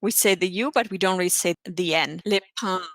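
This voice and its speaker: A woman's voice: fairly low pitch, a little fast, fairly bright tone, no room sound. Female French teacher, patient and explanatory, online class delivery, dry sound. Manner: patient, explanatory, spells words out.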